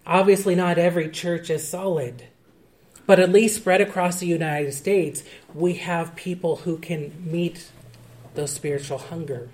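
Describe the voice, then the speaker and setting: A male pastor delivering a sermon in an earnest, measured way, with emphatic rises. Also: fairly high pitch, darkish tone.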